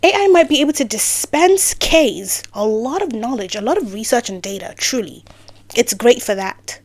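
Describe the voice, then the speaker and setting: A woman's voice: fairly high pitch, lively intonation, normal speed. A woman giving a motivational talk to camera, playful and sarcastic, breaking off into rambling asides. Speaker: vlogger.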